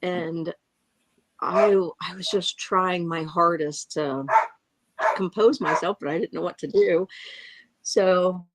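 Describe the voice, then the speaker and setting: A woman giving a halting, emotional eyewitness account, often breaking off and restarting. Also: fairly low pitch, noisy background. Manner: angry and frustrated. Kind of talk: emotional first-hand account.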